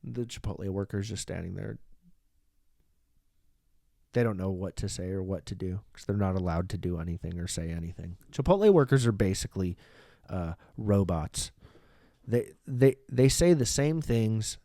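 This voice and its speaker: A man's voice: sits low, animated, normal speed, vocal fry, dark tone, dry recording, clean studio sound. A man hosting a podcast, talking through a casual comedic monologue in a rambling, profane way, with frequent restarts, into a microphone. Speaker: podcast host. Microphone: studio microphone.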